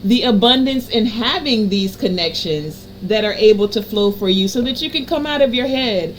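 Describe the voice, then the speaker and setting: A woman giving a card reading to a general audience, in a soothing, affirming voice that stacks phrases in repetitive lists and slows down to stress key words. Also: on the high side, lively intonation, a little hiss or hum, poor audio. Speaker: energy reader and healer.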